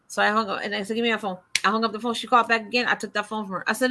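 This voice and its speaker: A woman hosting a casual livestream chat, telling a story with lively, acted-out dialogue. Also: mid-range voice, very fast, noisy background. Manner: animated storyteller, acts out quoted dialogue. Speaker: livestream host.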